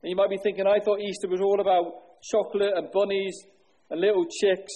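A man preaching an earnest sermon from the pulpit, with a husky, mellow voice that sits a little high. He asks the congregation questions and sinks low and slow on solemn words. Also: flat delivery. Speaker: pastor.

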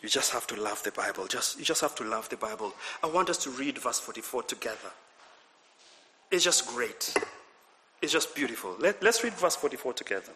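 A man delivers a sermon in a bright, forceful voice that swings widely in pitch. He repeats his words and builds up to shouts. The sound carries a long hall reverb. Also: animated, a little fast, slight background noise. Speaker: preacher.

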